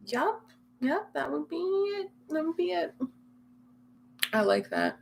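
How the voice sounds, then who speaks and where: A woman's voice: high-pitched, very animated, slow, creaky, slight background noise. Giggly young woman chatting on a livestream. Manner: giggly, chatty, teasing, laughs often. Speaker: livestream host. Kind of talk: casual livestream chat reading comments.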